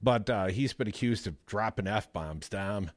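A man's voice: on the low side, measured pace, no room sound, studio quality. A man hosting a political talk radio show, chatting wryly and taking callers. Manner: wry, lively, takes callers.

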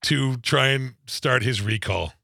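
A man co-hosting a political talk radio show, animated and exasperated. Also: medium pitch, takes it slowly, gravelly, no echo, studio quality. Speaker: radio co-host.

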